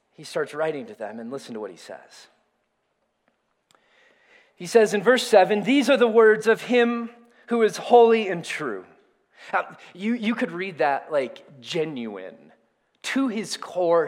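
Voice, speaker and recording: Animated male preacher in a reverberant hall. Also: a little high. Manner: animated preaching, calls on the congregation to repeat words. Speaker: pastor. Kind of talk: sermon. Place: church sanctuary.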